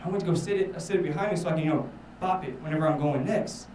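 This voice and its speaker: A man's voice: on the high side, very fast, a little mellow, reverberant, far from the mic, slight background noise, low-quality recording. A man doing a rambling, self-mocking stand-up set, swearing a lot. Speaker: stand-up comedian. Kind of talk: stand-up set at a live show.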